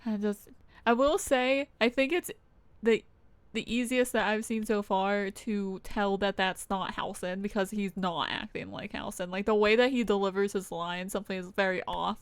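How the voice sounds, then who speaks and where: A woman's voice: mid-range voice, fairly even intonation, normal speed, smooth, no echo. A young woman streamer chatting casually over her game, giggly and swearing offhandedly. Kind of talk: casual live game commentary.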